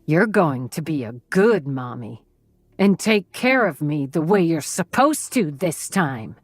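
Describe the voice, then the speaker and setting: A woman's voice: sits low, very animated, a little slow, no echo, full character voice. A woman voicing a white-haired male kidnapper who speaks with a twangy American Southern accent and a child's cadence. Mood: menacing. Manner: childish, wheedling, turning menacing.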